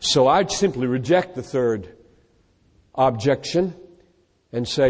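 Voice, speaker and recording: A man's voice: mid-range voice, in a large hall. A man preaching a sermon with emphatic delivery, listing scripture verses one after another. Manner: emphatic, animated, cites scripture in rapid lists.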